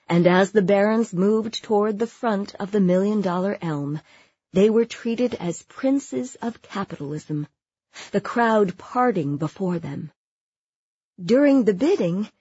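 A woman narrating a nonfiction story in a measured, even storytelling manner. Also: medium pitch, slightly rough, no room sound, highs cut off. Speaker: audiobook narrator. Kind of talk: scripted narration.

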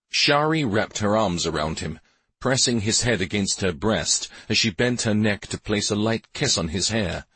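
Low, husky male audiobook narrator. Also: expressive, normal speed, fairly bright tone, no echo. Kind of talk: scripted narration.

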